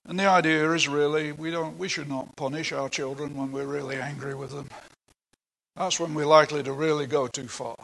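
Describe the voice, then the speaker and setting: A man's voice: a little high, steady tone, brisk, creaky, fairly bright tone, poor audio. An older man preaching a sermon, earnest and emphatic, explaining scripture in plain words with a few asides. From England.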